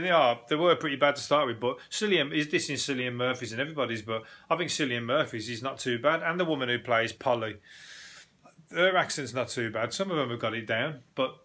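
A man's voice: medium pitch, bright, forceful tone. A man with a Birmingham accent rambling through a sweary, comedic rant as a podcast host, restarting sentences and laughing often. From Birmingham, England.

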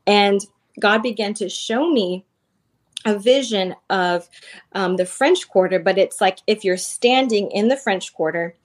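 A woman's voice: mid-range voice, measured pace. Earnest woman telling a faith story. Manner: earnest storytelling with many fillers. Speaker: podcast guest. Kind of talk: casual testimony.

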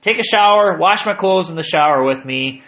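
A man reads his own hiking journal aloud with wry, self-mocking humor. His voice is bright and fairly high, with lively swings in pitch. The recording sounds a bit dull and lo-fi. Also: moderate pace. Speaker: narrator.

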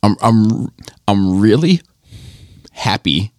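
A man's voice: lowish voice, lively intonation, takes it slowly, a little mellow, no echo, studio quality. A man in casual podcast chat who rambles with many restarts.

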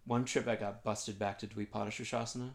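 A man's voice: fairly low pitch, flat delivery, a little fast, vocal fry. A man guest telling a funny, self-mocking story in a conversation, acting out what people said.

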